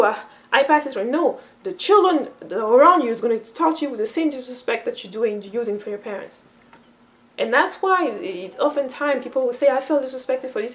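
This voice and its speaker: A high-pitched woman talks through a relaxed explanatory monologue as a cultural teacher. She circles back on her words, restarting phrases as she thinks. She brings quoted speakers to life with animated shifts in her voice. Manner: repeats and restarts phrases while thinking aloud.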